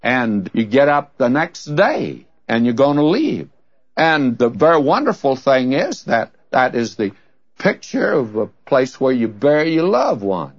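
A man's voice: medium pitch, no room sound, highs cut off. An older man preaching a sermon, telling a story and leaning hard on key words.

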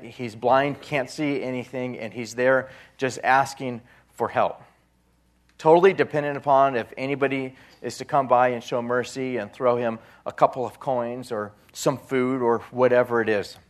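A man preaching a sermon, retelling a Gospel story with dramatic swings in loudness and voicing the people in it. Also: mid-range voice, fairly even intonation, normal speed.

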